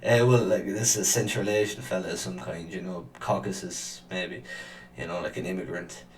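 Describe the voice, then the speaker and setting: A man's voice: sits low, level tone, moderate pace, roomy sound, distant mic, rough recording. A man hosting a reaction video, ranting angrily with lots of swearing and filler words. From Ireland. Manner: angry, sweary, rambling with many fillers. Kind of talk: profane ranting commentary.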